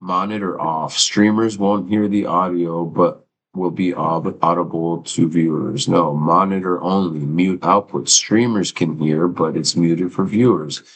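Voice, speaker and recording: This rough recording, with a touch of hiss or hum, captures a low, steady male voice at a measured pace. He's casually chatting solo on his live stream, talking to himself and cursing now and then while sorting out his audio.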